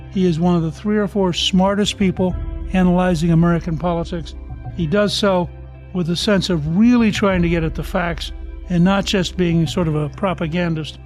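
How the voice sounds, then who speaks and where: A man hosting an interview podcast, speaking in a measured, deliberate way with personal asides. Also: sits high, fairly even intonation, darkish tone, faint music behind. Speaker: podcast host.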